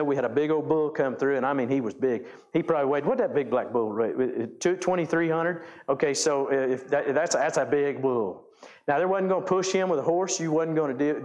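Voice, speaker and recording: A man preaches from the pulpit, spinning folksy ranch stories into his sermon. His voice sits a touch high for a man. He grows lively and animated as he acts out the scenes. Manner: folksy storytelling, animated when recounting. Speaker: pastor. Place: church sanctuary.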